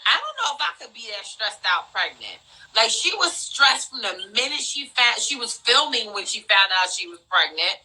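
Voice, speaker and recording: A woman with a very bright, slightly high voice chats casually as a podcast co-host. Her talk rambles, full of "like" and "um" fillers. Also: very animated, normal speed, slightly rough, poor audio. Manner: chatty, frequent "like" and "um" fillers. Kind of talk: casual chat.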